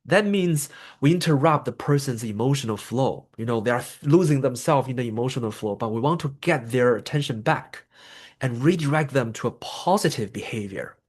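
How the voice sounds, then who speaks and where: Man explaining calm de-escalation steps. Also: moderate pace. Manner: explanatory, acts out example scripts with raised pitch. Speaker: trainer. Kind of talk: professional development lecture.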